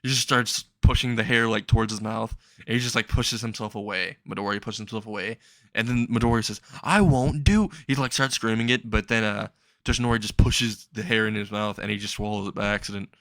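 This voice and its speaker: A man's voice: on the low side, little pitch movement, fast, a bit bright, no echo. A man casually retelling a fan story, rambling and chuckling at his own jokes.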